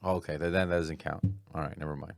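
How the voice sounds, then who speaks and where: A man's voice: extremely low pitch, flat delivery, fast, vocal fry. A man hosting a casual comedy podcast, teasing and needling his co-hosts. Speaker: podcast host.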